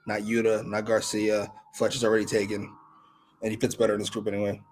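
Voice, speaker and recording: A man's voice: lowish voice, completely flat delivery, quick pace, a little mellow. A man co-hosting a casual wrestling review chat with blunt, profane, wry banter. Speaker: co-host of wrestling review show.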